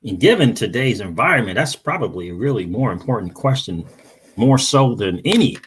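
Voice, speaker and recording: A crypto channel host runs a relaxed livestream, talking directly to viewers and greeting arrivals by name. His husky, slightly grainy voice is mid-range, animated, and brisk, and he repeats his own phrases in an easygoing flow.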